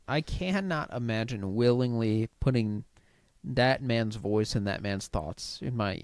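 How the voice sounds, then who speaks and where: A man's voice: mid-range voice, no echo. A man co-hosting a casual sports podcast, riffing sarcastically with exasperated jokes. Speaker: podcast co-host.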